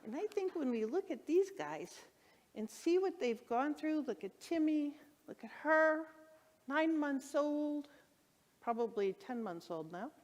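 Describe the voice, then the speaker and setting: Woman minister, sermon, enthusiastic storyteller; slightly high voice, long hall reverb. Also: measured pace. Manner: enthusiastic storytelling, acts out her own excited shouts. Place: church hall. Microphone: handheld microphone.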